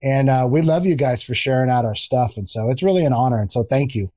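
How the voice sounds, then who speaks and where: A man co-hosting a casual live audio chat, speaking in a relaxed, earnest, halting way. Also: mid-range voice, no echo, highs cut off. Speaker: co-host.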